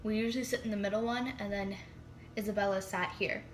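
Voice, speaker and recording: A woman's voice: mid-range voice, fairly even intonation, quick pace, slight background noise. A teenage girl telling a storytime vlog in casual chat, full of "like" and dramatic whispered asides. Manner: chatty, heavy use of "like", dramatic asides and whispered comments. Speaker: vlogger. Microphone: phone.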